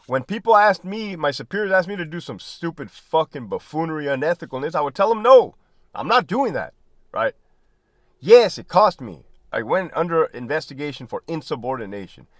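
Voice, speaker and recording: A former prison lieutenant delivers a candid, casual monologue to viewers, blunt and profane, often adding "right?" and "man". His voice is a little high and lively, fairly quick, recorded cleanly in a studio with no room sound.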